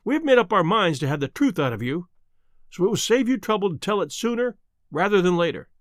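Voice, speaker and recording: A stern young gentleman baronet, as a male reader plays him, clipped and demanding in a close, dry recording. The voice stays lively in pitch. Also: brisk, no echo.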